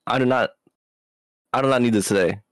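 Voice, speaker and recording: A man's voice: medium pitch, fairly quick, dry recording, clean studio sound. A man from Hawaii, a guest on a live stream, joking around in a laid-back way. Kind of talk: casual livestream chat.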